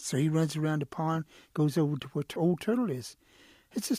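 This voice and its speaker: A man telling a traditional animal folk tale in a relaxed, rhythmic way. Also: on the high side, fairly quick, dry recording, studio quality. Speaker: storyteller. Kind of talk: traditional oral storytelling.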